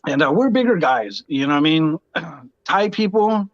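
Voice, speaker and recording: A man's voice: on the high side, lively intonation, normal speed, dry recording. Male podcast guest, raised voice, laid-back slangy storyteller, muffled dry track. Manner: slangy, peppers talk with "dude" and "bro". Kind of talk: casual storytelling. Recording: dull, dry lo-fi sound.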